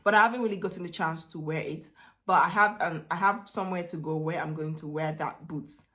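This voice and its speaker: A woman in her thirties chatting excitedly and rambling in a casual try-on haul vlog at home. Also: low-pitched, fairly quick. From Netherlands. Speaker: beauty vlogger. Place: home room. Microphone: camera set down, handheld mic removed.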